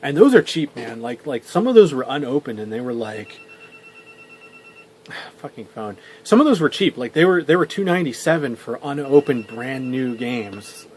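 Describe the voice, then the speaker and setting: A man's voice: medium pitch, expressive, moderate pace, a little mellow, slight background noise. A young man telling a story for a vlog. He rambles, swears and restarts his sentences often. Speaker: vlogger.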